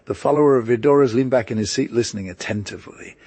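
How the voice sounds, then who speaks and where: A man narrating a novel aloud in a steady reading manner, with the occasional slip and restart. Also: medium pitch, quick pace, slightly rough, dry recording. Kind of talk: audiobook reading.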